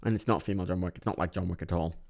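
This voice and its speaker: Young guy ranting about movies, low-ish voice, sweary, kinda tired, gets worked up in bursts. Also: rapid-fire, vocal fry. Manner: rambling, swears often, animated bursts. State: a bit tired. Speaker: film reviewer. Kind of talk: casual monthly movie review vlog.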